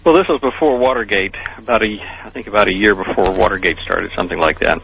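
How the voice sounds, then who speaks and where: A man's voice: lowish voice, quick pace, vocal fry, a bit bright, breathy edge, rough recording. An older man telling his story in an interview, rambling and hesitant with many fillers. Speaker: interview guest.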